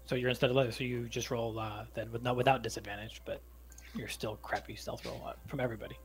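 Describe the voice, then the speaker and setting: A man in the game master's seat, talking players through rolls and rules. His voice sits at an ordinary middle pitch, and he hesitates with plenty of fillers. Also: level tone, quick pace, faint music behind, low-quality recording. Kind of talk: narrating a tabletop game over voice chat.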